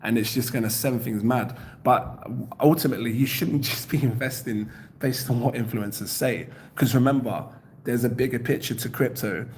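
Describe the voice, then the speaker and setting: A man's voice: moderate pace, slight background noise. A young man hosting a crypto livestream, chatting casually, reading out viewer comments and laughing often. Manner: animated, jumps up in pitch when excited.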